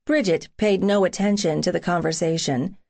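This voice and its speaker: A woman narrating a first-person romance audiobook in an intimate, wry, unhurried reading. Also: lowish voice, gravelly, a little mellow.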